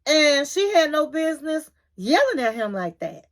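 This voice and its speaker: A woman's voice: sits high, moderate pace. A woman with hosting a casual reality TV recap, animatedly retelling scenes and acting out what people said. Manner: animated retelling, acting out quotes, chatty asides.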